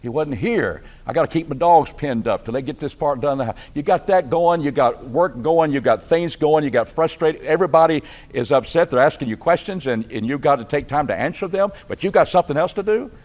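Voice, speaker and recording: Texan preacher with a lively voice. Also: male voice, a little high, fairly quick, few pauses. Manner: conversational, asks the class questions. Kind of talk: Bible class teaching. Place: church classroom.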